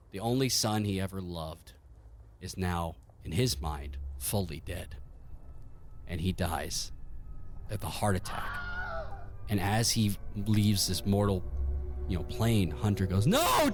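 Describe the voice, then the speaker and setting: A man's voice: low-pitched, noisy background. A man narrating as game master in a tabletop game, telling the story in a vivid, profane and jokey way.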